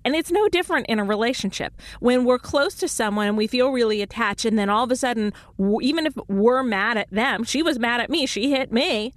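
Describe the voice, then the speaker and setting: Quick-talking woman radio advice host. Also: on the high side, no room sound. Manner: warm laughing, quick explanatory advice with restarts.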